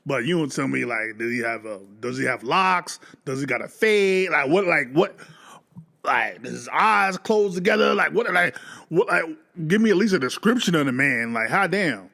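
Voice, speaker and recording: A man commenting casually on a stand-up clip with a bright, forward tone, slightly high for a man. He laughs often and breaks in with disbelieving slang. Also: animated, moderate pace, vocal fry. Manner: laughing, slangy, incredulous remarks. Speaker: reaction video host.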